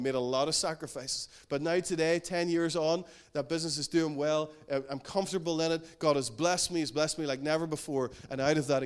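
Man preaching, earnest and emphatic, slightly raised voice, repeats for weight. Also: on the high side. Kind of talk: sermon.

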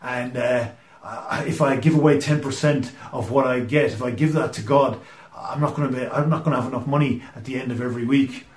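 A man's voice: medium pitch, fairly even intonation, a little fast, darkish tone, lightly acted. A man preacher acting out a touchy churchgoing man who bristles when his money is raised, in an echoey room. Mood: worried.

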